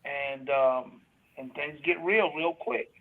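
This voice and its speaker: A man telling a friend story in a casual, halting, heartfelt way, often trailing off mid-sentence. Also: a little high, animated, creaky. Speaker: friend on a talk show. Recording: tinny phone-line sound.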